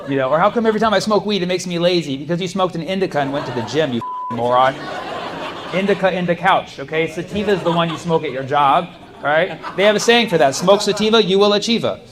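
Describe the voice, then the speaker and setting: A man's voice: a little high, fast talker. A man doing a stand-up set in a comedy club, chatting with the crowd in a loose, laid-back way, full of likes and you-knows, often laughing. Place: comedy club stage with an audience. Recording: live club room with noise.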